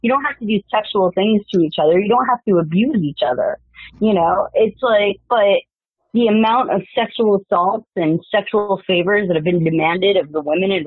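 A woman's voice: on the low side, slightly rough, no echo. A woman guest talking bluntly and with plenty of swearing in a casual interview, telling stories from her time in wrestling. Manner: blunt, profane, fired-up storytelling. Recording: dry phone-like remote call audio.

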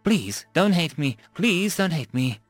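A man voicing an anxious, small alien crew member who fires off worried questions in quick bursts. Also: fairly high pitch, sing-song, dry recording, soft background music, voice pushed up. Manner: fretful, questions in rapid bursts.

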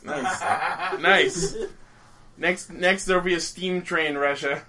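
A man hosting a podcast in casual chat, excitable and swearing often. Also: high-pitched, takes it slowly, very noisy. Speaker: podcast host.

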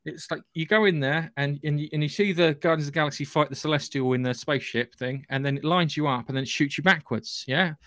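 A man's voice: fairly high pitch, quick pace, few pauses, fairly bright tone, no echo, clean studio sound. A man co-hosting a podcast, telling a rambling story in casual chat. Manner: rambling storyteller, acts out quotes. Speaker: podcast co-host.

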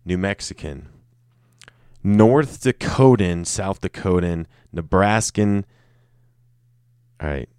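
A man's voice: sits low, lively intonation, slow, pauses often, a little mellow, smooth, no echo, clean studio sound. A man talking alone in an offhand, joking way, swearing a lot and tripping over his words. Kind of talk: casual off-the-cuff monologue.

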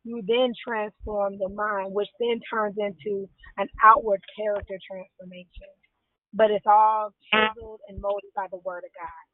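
A woman's voice: mid-range voice, flat delivery, moderate pace, dry recording. Enthusiastic woman calling in from the road. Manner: enthusiastic, repeats words, laughs easily. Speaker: caller. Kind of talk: casual phone call. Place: in a moving vehicle. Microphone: phone. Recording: tinny phone line.

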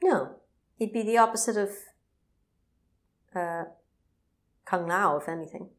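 A woman co-hosting a casual chat, recapping a video game with animated, laughing asides. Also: medium pitch, measured pace.

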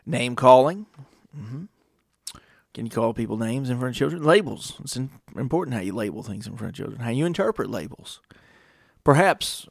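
A man's voice: mid-range voice, creaky, no room sound, clean studio sound. A man talking casually in a rambling, profane monologue, full of rhetorical questions.

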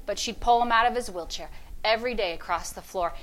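A woman pastor preaching a fervent sermon, with call-and-response and sudden loud shouts of praise. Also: medium pitch, quick pace.

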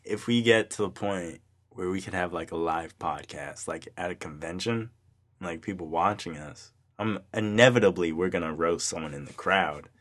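A man's voice: low voice, moderate pace, fairly bright tone. A young man co-hosting a podcast in casual chat, joking, laughing often and acting out lines. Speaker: podcast co-host.

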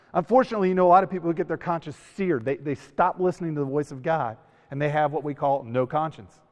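Fairly high-voiced man preaching in a hall. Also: fast talker. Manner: animated storytelling, acts out quoted voices. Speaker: youth speaker. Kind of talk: sermon to a youth camp.

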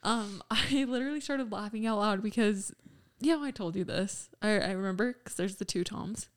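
A woman's voice: medium pitch, normal speed. A young woman co-hosting a podcast, telling stories in a chatty, giggly way with lots of "like"s. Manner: chatty storyteller, giggly, many "like"s. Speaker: podcast co-host. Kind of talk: casual chat.

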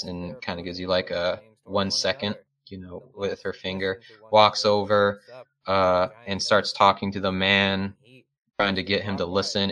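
A man's voice: deep voice, sharp tone. A man narrating a tabletop role-playing game as game master, casual and full of fillers, over a video call.

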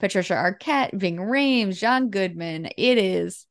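A woman with an expressive mid-range voice and measured pace co-hosts a casual podcast chatting about movies, in studio-quality dry audio. She rambles along, laughing frequently, with many fillers and restarts.

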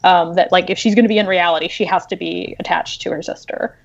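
A woman novelist talking casually about her writing, animated and excited, with many fillers. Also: fairly low pitch, fast talker, gravelly, dull audio. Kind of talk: casual podcast chat.

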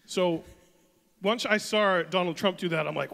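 A man's voice: high-pitched, a little slow, creaky, a bit bright. A man in his thirties telling a story as a stand-up comic, loose and conversational. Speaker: stand-up comedian. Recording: long hall reverb.

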